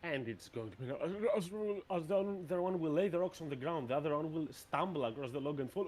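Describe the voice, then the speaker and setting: Animated male game master. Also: on the high side, quick pace, hardly any pauses. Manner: animated, rolling narration with fillers. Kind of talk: narrating a tabletop game.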